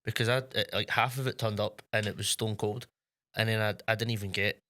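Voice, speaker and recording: A Scottish man co-hosting a podcast, chatting casually and chipping in with quick remarks. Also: lowish voice, steady tone, pushed and bright. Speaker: podcast co-host. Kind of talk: casual chat.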